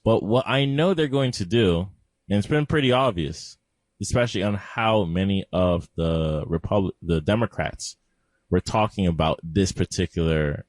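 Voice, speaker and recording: A man co-hosting a casual podcast, relaxed and even-tempered, who laughs easily and trails off in hesitations. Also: low voice, normal speed, no room sound. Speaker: podcast co-host.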